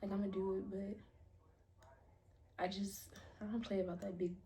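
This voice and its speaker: A woman's voice: medium pitch, level tone, normal speed, warm tone. A woman in her twenties from the United States, casually chatting in a slangy way while she does her toenails, often dropping her voice to a whisper. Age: 20s. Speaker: beauty vlogger.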